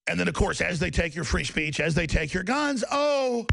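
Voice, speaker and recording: A man's voice: on the high side, animated, a little fast, creaky, fairly bright tone, no room sound, studio quality. A man hosting a talk radio show, ranting in a mocking, sarcastic, heated monologue.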